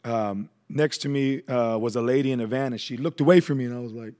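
A man's voice: mid-range voice, a little fast. A man recounts his testimony in a loose, chatty way. He has a mid-range voice and leans on plenty of fillers as he goes. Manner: relaxed, conversational, with frequent fillers. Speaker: guest sharing his testimony. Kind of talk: casual storytelling.

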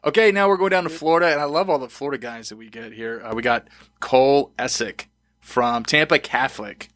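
Bright-voiced enthusiastic podcast host. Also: male voice, mid-range voice, dry recording. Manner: enthusiastic, quick to laugh. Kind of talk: casual podcast interview.

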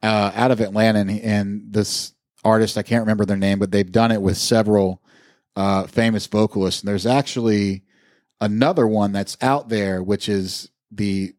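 Recorded dry and clean in a studio, a man speaks at normal pace with a lowish, darkish voice and fairly even intonation. As a podcast co-host, he's in storytelling mode, rambling through a lengthy anecdote with lots of fillers and casual swearing.

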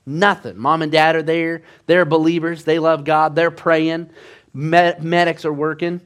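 A man preaching a sermon in a slightly higher than average voice. He tells his stories with animated energy, dropping to hushed tones and then rising loud. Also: measured pace, clear, resonant tone. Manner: animated storytelling, swings between hushed and loud. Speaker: pastor.

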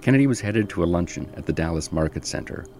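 Deep gravelly male podcast narrator. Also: lively intonation, darkish tone. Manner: slow, measured storytelling delivery. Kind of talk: scripted narration.

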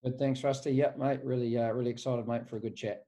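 A man in his forties with a New Zealand accent speaks from his office over a remote call. His voice is warm and mellow. He tells his career story in a relaxed, rambling way, with "mate" in nearly every sentence. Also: medium pitch, fast talker. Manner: laid-back, rambling, says "mate" constantly. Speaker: guest, strength and conditioning coach. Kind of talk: casual podcast interview.

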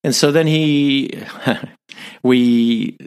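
A man's voice: mid-range voice, steady tone, very slow, clear, resonant tone. An Irish man in his fifties, a missionary guest telling his story in a rambling way with many restarts and chuckles. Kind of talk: casual interview storytelling.

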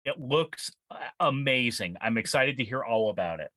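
Wry woman co-host, bright tone, dead-dry mic. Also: a bass voice, expressive, normal speed, no room sound. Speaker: podcast co-host. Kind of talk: casual chat.

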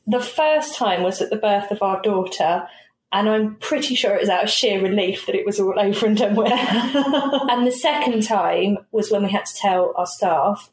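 Animated British woman telling stories. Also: medium pitch. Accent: British English. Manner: animated, laughing storyteller who quotes herself. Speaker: guest, coach company owner. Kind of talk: casual interview chat. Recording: roomy recording with a faint hiss.

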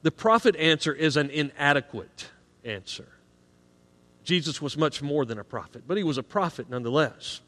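A middle-aged man preaches in a high, carrying voice, earnest and pressing harder on the points he wants to land. He often doubles a word as he starts a phrase. His voice rings with the long reverb of a church sanctuary. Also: expressive, normal speed, fairly bright tone. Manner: earnest, rising in emphasis on key points. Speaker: pastor. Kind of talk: sermon.

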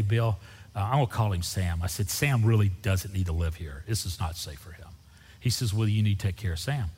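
A pastor telling a personal story in a sermon, acting out the dialogue with lively storytelling. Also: male voice, lowish voice, husky, long reverb tail.

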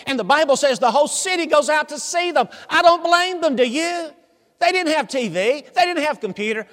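A man's voice: extremely high pitch, expressive, fairly quick, a bit bright. A man preaching a sermon, telling the story animatedly with humor and asking the congregation questions. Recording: long hall reverb.

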